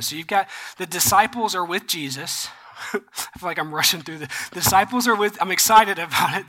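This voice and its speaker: A pastor with a mid-range voice preaches a sermon, retelling a Bible story casually and with animation, tossing in slangy asides.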